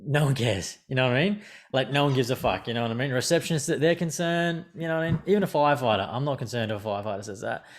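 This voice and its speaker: A man hosting a podcast, telling a story in casual chat, swearing and animated. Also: medium pitch, very fast. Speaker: podcast host.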